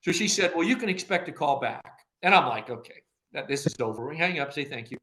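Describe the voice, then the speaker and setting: An older man recounting his career in a relaxed interview, slipping into the voices of the people he quotes and laughing as he goes. His voice sits fairly high for a man and sounds bright and forceful. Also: a little fast. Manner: animated storyteller who acts out quoted dialogue, laughing often. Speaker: former agency director, podcast guest. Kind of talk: anecdotal interview storytelling.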